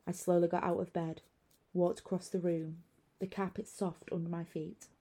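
A young adult woman narrating a first-person horror story in a measured way, letting the unease build slowly. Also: on the low side, flat delivery, warm tone.

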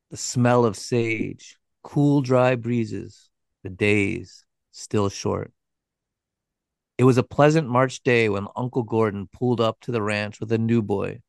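Creaky-voiced guy narrating true crime, cusses casually, dry close sound. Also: medium pitch, no echo. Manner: casual, swears freely, animated reactions. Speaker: podcast co-host.

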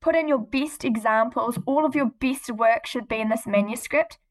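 A teenage girl with a fairly high voice talks about her writing as a podcast guest. She sounds polite and earnest and giggles now and then. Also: moderate pace. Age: teens. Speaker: guest, young poet. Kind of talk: casual interview chat.

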